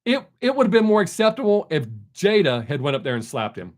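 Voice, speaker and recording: A middle-aged man talks straight to his live-stream viewers in a blunt, chatty way. His voice sits a little on the high side, and he rambles easily from one story to the next. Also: big pitch swings, fairly quick. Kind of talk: casual chat with viewers.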